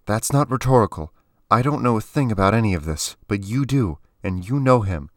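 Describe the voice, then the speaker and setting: A man's voice: on the low side, expressive, brisk, no echo, studio quality, pitched above the performer's own voice, natural voice. A man voicing a fierce, commanding female warrior who makes cold demands. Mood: interrogating.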